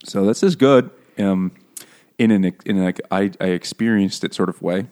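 A man's voice: low-pitched, moderate pace, darkish tone. A man co-hosting a podcast, rambling and joking with friends in casual, profane chat. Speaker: podcast co-host.

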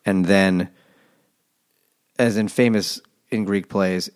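A man's voice: sits low, steady tone, takes it slowly, smooth. A man co-hosting a casual book podcast over a video call, tossing in wisecracks. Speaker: podcast co-host. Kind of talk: casual joking book chat.

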